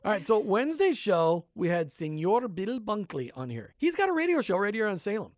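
A man's voice: sits high, sing-song, brisk, dry recording. A man co-hosting a faith and business radio show, joking and rambling in casual studio chat. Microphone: studio microphone.

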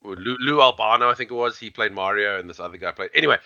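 A man co-hosting a podcast in casual chat, rambling and animated, with lots of fillers. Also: on the low side, fast talker, creaky, no echo, muffled recording. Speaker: podcast co-host.

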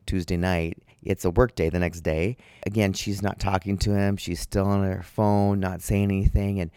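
A man hosting a podcast, telling a story in a chatty way and breaking into high laughter. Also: a little mellow, clear, resonant tone, dry recording, clean studio sound. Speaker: podcast host. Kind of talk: casual storytelling monologue.

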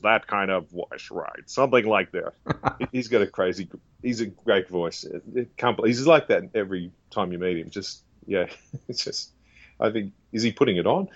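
A man's voice: lowish voice, no echo. A man talking casually in an interview about the voices he does, laughing often and slipping into impressions. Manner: breaks into quick celebrity and preacher impressions, laughs often. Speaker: impressionist guest. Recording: dull lo-fi sound.

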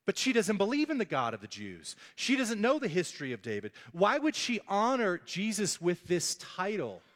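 A man delivers a sermon with lively storytelling and acts out the characters as he goes. His voice sits a little high, and it carries a long reverb from a large church hall. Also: normal speed. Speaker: pastor.

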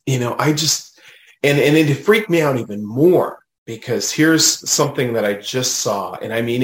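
A man, a medium, telling a personal story in casual conversation, animated and full of fillers, acting out what others said. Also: mid-range voice, reverberant, low-quality recording. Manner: animated, retells dialogue, many fillers. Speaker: medium, podcast guest.

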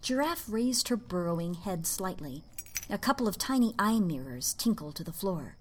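A woman narrating a story in an expressive, playful reading. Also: medium pitch, moderate pace, a little hiss or hum.

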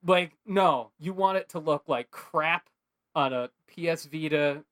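A man co-hosting a podcast in casual chat, rambling and animated, with heavy filler words. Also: on the high side, measured pace. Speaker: podcast co-host.

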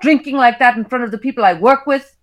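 A woman's voice: medium pitch, animated, fast talker, close to an everyday voice. Woman reading as a firm Indian husband, scolding and raised, accent kept. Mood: stern. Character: stern Indian father, middle-aged husband.

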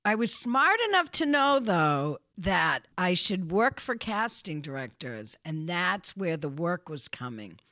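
A woman's voice: lowish voice, no echo, clean studio sound. A woman in her sixties from the Boston area, a casting director telling funny stories in a casual interview and laughing often. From Boston area, USA. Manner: lively, funny storyteller who laughs often.

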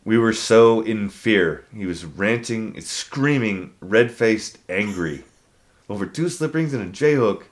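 A man with a low voice trades military memories on a casual podcast. He swears freely and slips into shouted impressions of his old drill instructors while telling the stories. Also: lively intonation, takes it slowly. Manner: storytelling, acts out drill instructors loudly. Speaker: podcast co-host. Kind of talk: casual chat.

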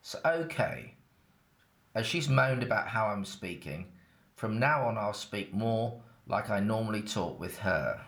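A man's voice: fairly low pitch, lively intonation, a little slow, a bit bright, roomy sound. Chatty Englishman with an Essex twang. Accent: Essex-tinged English. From England. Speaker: narrator. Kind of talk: first-person scripted storytelling.

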